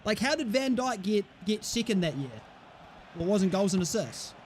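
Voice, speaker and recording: Young guy streaming a football game, high voice, trash talks the players, faint hiss behind. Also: big pitch swings, normal speed. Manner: blunt, mocking, swears freely. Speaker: gaming streamer. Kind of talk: casual football game commentary.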